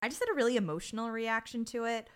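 A woman's voice: on the high side, fast, smooth. A woman co-hosting a podcast, chatting casually and jokily while recapping a TV season, swearing freely. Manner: animated, jokey, swears freely. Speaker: podcast co-host.

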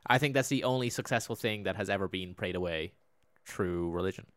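A man's voice: low voice, a bit bright, clear, resonant tone, no echo. A man co-hosting a podcast, telling a story casually, rambling and correcting himself as he goes. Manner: rambling, self-correcting, drops into quick voices for characters. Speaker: podcast co-host.

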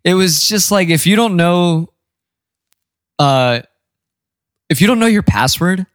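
A young man on a podcast, telling family stories in an animated, laughing casual chat. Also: sits high, slow pace, dry recording, clean studio sound. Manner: animated storytelling, quotes family in put-on voices, laughs often. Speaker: podcast co-host.

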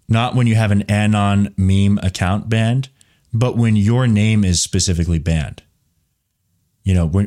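A man with a lowish, slightly mellow voice hosts a live commentary show. He rambles with plenty of fillers and reads viewer questions from the chat.

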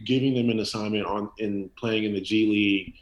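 A man's voice: fairly low pitch, steady tone, brisk, muffled recording. A man guesting on a casual sports podcast, talking in a loose, slangy, rambling way.

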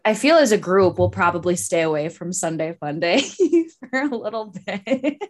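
A young adult woman co-hosting a podcast, chatting casually and telling stories with an animated, laughing manner. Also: on the low side, normal speed, over a noisy crowd. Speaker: podcast co-host. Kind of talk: casual chat.

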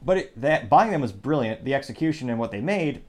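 A man hosting a talk show with rambling, sarcastic news commentary. He drifts into asides and corrects himself mid-sentence, in a voice of ordinary middle pitch for a man. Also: big pitch swings, fairly quick. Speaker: podcast host.

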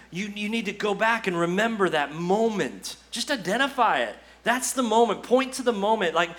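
A man's voice: high voice, pushed and bright. A man preaching a sermon as pastor, earnest and exhorting, full of repetitions and rhetorical questions. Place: church.

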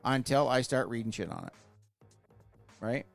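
A man's voice: mid-range voice, normal speed, vocal fry, soft background music. A man, talking in a heated, profane, emphatic way in a casual podcast chat. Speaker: podcast co-host.

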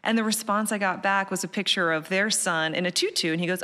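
An animated woman in her thirties chats as a podcast guest, voice at an ordinary middle pitch. She talks quickly in bursts, laughs easily and fills her talk with "like." The sound carries a long reverb tail. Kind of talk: casual interview chat.

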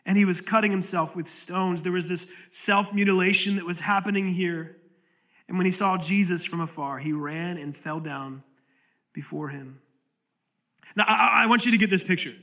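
A man preaching a sermon as pastor, passionate and dramatic, dropping to low, quiet lines for emphasis and acting out quoted pleas. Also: steady tone, a little fast. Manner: impassioned preaching with sudden drops to low, quiet delivery; acts out quoted pleas with rising intensity. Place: church sanctuary.

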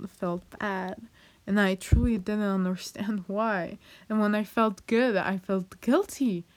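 A young woman vlogging confessionally in a hesitant, halting way, with fillers and nervous little laughs, emotional and close to tears. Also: mid-range voice. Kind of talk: confessional personal vlog.

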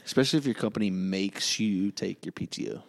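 A man's voice: fairly low pitch, brisk, creaky, long reverb tail. A man from the American South co-hosting a podcast, rambling and joking in casual chat. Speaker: podcast co-host.

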